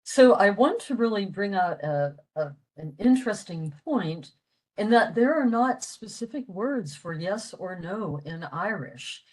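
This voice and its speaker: An older woman explaining a language lesson for a library talk, halting with many fillers. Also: mid-range voice, lively intonation, darkish tone, poor audio. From western Pennsylvania, USA. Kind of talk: explaining a lecture.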